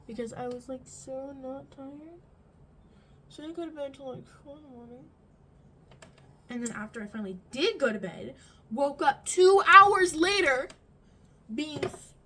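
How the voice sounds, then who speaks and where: A teenage girl talks through her makeup in a high, bright voice, rambling from one story to the next with lots of "like"s. She sounds close to a phone mic in her bedroom, with a faint hum of room ambience behind her. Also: low-quality recording. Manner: rambling, animated storytelling with frequent fillers. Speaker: vlogger. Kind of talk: get-ready-with-me chat.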